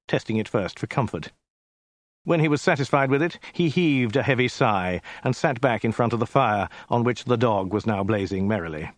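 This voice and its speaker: A man narrating a comic story in a deadpan, scripted audiobook reading. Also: lowish voice, no room sound.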